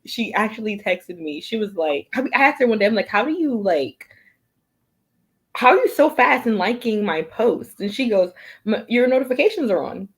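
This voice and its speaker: Husky, lively woman podcast co-host. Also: mid-range voice, normal speed. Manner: lively storyteller, laughs often. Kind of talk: casual chat.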